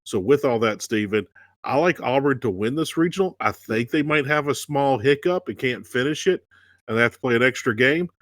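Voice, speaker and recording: A man's voice: mid-range voice, expressive, a little fast, no echo. A man co-hosting a casual sports talk show, speaking in a laid-back, joking way. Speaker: co-host.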